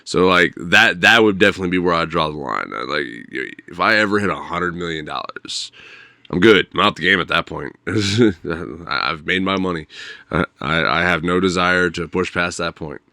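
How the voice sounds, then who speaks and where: A man with a very low voice co-hosts a casual podcast, musing in a laid-back way and chuckling now and then. His tone is deep but bright, captured dry and close. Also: moderate pace, gravelly, dry recording. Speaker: podcast co-host.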